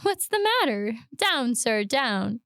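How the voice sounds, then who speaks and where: Brief: gruff sailor customer, quick-tempered and loud, pitched high, dry close sound, a woman putting him on. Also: sing-song, dry recording, exaggerated voice. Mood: blustering. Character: blunt, gruff seafaring man, quick to anger. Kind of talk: dramatic read-aloud.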